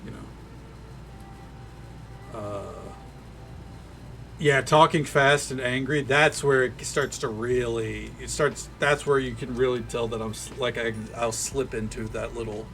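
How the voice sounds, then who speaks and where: A man from Tennessee whose Southern drawl is softened but still peeks through. His mid-pitched voice carries a gravelly fry as he chats with viewers over a game stream, easygoing and rambling with plenty of "like" and "you know", over a faint hiss in the background. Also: fairly even intonation, unhurried, pauses often. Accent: light Tennessee Southern drawl. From Tennessee, USA. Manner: rambling, filler-heavy, easygoing. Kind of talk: casual chat with viewers while gaming.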